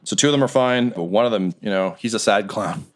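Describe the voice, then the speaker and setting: A man with a fairly low voice runs a tabletop game as game master. He narrates the fight in a loose, playful way. He tosses in goofy little voices for clowns and fire breathers. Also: a little fast. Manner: playful, puts on silly voices for crowd figures.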